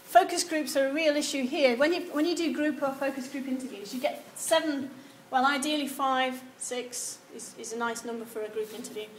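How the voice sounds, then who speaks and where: A woman giving a university lecture, animated and acting out example replies. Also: high-pitched, fairly quick, few pauses. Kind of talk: lecture on research methods. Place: lecture hall. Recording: echoey lecture room with some background noise.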